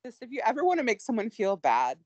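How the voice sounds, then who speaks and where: A woman's voice: on the high side, wildly swooping pitch, fast talker, muffled recording, a little hiss or hum. A woman co-hosting a podcast in casual chat, rambling and self-deprecating with frequent giggles. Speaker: podcast co-host.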